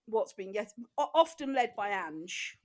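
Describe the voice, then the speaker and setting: A woman's voice: medium pitch, sing-song, a little hiss or hum. A woman co-hosting a comedy podcast, teasing her guest in casual chat. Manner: teasing, quick to laugh. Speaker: podcast co-host.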